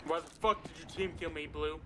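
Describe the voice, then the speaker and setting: A man's voice: fairly high pitch, steady tone, fast. A man in online game voice chat, hostile and swearing constantly. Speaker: online player. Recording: loud noise over game voice chat.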